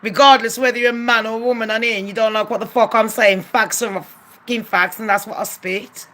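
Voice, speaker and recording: A woman's voice: fairly high pitch, steady tone, a little fast, fairly bright tone. A woman ranting bluntly to camera, heated and profane, firing rhetorical questions. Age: adult. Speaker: commentary vlogger. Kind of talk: opinionated rant to camera.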